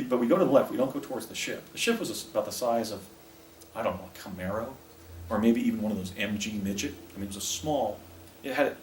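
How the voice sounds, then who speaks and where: An older man giving a talk and recounting a personal story, with a rambling, halting delivery full of restarts. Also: mid-range voice. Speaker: speaker presenting images to an audience. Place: presentation room with a projector. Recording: echoey room, distant mic, faint hiss.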